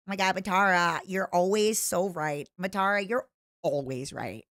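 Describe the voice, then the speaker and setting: A woman's voice: on the low side, normal speed, a bit bright, dry recording, studio quality. A woman from Eastern Europe streaming, chatting playfully with her chat and often breaking into giggles. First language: French-schooled, non-native English.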